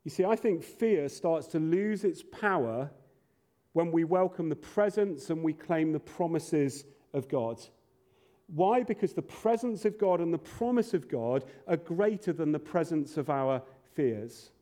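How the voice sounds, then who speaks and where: High-voiced, mellow-toned man preaching. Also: lively intonation, a little slow. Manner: earnest preaching with playful asides. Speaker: pastor. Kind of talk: sermon.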